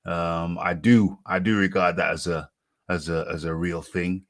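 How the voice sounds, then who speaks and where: A man hosting a boxing talk show, speaking in a slow, halting way and often repeating himself. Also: low-pitched, sharp tone. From United Kingdom. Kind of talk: casual boxing chat.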